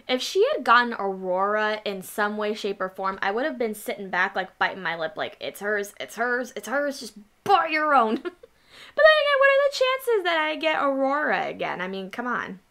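A woman's voice: medium pitch, sing-song, normal speed, sharp tone. A woman hosting a casual reaction video, chatting playfully and adding asides. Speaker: channel host reacting to a video.

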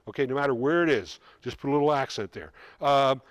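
A man coaching a high school band in rehearsal, giving quick instructions and singing rhythms to show how they go. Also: animated. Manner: brisk, sings rhythms to demonstrate. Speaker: band clinician. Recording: music in the background. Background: band playing.

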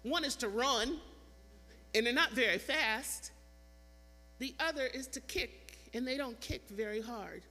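A woman pastor preaching a sermon, emphatic and repetitive, with dramatic pauses. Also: fairly high pitch, bright, forceful tone, soft background music. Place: church sanctuary. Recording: church hall reverb, mains hum.

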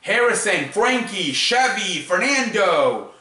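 A man's voice: high voice, very animated, slow pace, sharp tone. Profane rambling man in an echoey room. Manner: profane, rambling, loose and joking. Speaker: sports show host. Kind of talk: casual solo sports picks talk. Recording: very echoey room, distant mic.

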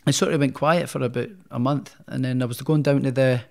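A boxer's gravelly, darkish mid-range voice carries his casual podcast storytelling at a fairly quick clip and a steady tone. He's chatty and rambling, restarting often.

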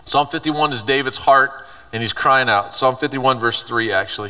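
A man gives a youth sermon in a casual, conversational way, reading a passage and then retelling it in everyday words. His voice is bright and forceful. It is heard from some distance in a big hall with a long echo. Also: medium pitch, moderate pace, clear, resonant tone. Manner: conversational, reads scripture aloud and paraphrases it. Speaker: youth pastor. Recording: reverberant hall, voice from afar.

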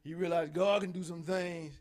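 A male pastor preaching a sermon, folksy and animated, acting out the voices he quotes. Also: a little high, moderate pace.

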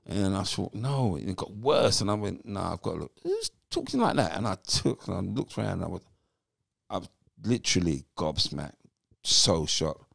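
A man's voice: low-pitched, wildly swooping pitch, normal speed, creaky, a bit bright, no room sound, clean studio sound. A British man in his fifties, a former footballer, guest on a podcast, telling his story animatedly and acting out what people said. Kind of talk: storytelling interview.

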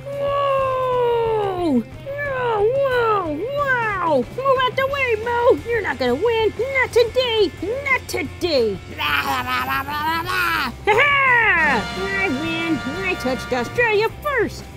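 A woman doing a squeaky excitable cartoon gator. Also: extremely slow, few pauses, exaggerated voice. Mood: boastful. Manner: excitable, lots of whoas and squeals. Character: cheerful young gummy gator pirate. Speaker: show's title character. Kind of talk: kids' pretend-play video voice. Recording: music playing behind.

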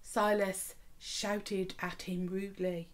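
A woman vicar tells a story and leads a school assembly. She speaks slowly and expressively at a moderate pitch. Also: little pitch movement. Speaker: parish vicar leading school worship.

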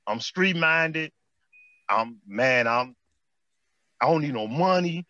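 Animated Chicago man telling street stories. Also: fairly high pitch, slow pace, no echo, highs cut off. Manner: animated street storytelling, repeats phrases and says "man" often. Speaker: former basketball player, guest. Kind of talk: storytelling interview chat.

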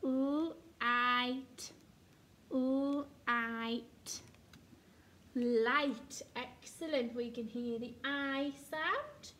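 Slow, high-voiced woman teaching phonics. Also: fairly bright tone, a little hiss or hum. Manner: slow, sing-song, encouraging, sounding out letters. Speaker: reception class teacher. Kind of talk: recorded phonics lesson for young children.

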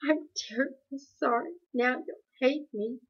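A woman's voice: high voice, measured pace, breathy edge, pitched above the performer's own voice. A woman voicing an unhappy teenage girl who speaks shakily, near tears, in a dull lo-fi recording. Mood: upset. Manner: shaky, close to tears. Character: miserable teenage girl, tearful and self-doubting.

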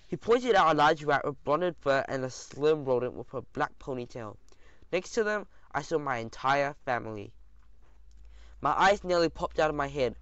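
A man reading a children's audiobook in an expressive first-person storytelling manner. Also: a little high, normal speed, no echo. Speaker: audiobook narrator. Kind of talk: scripted audiobook narration. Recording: dull lo-fi recording.

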